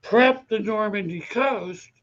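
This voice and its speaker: A man co-hosting a podcast, chatting casually with relaxed back-and-forth remarks. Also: sits high, slow pace, lo-fi sound. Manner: relaxed, many filler acknowledgements. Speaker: podcast co-host. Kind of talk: casual conversation.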